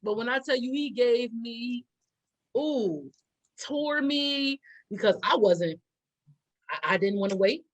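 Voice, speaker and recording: On a rough recording, a woman in her thirties co-hosts a podcast, chatting casually over a meal. Her voice is fairly high and slow, and she's animated, laughing often and eating as she talks.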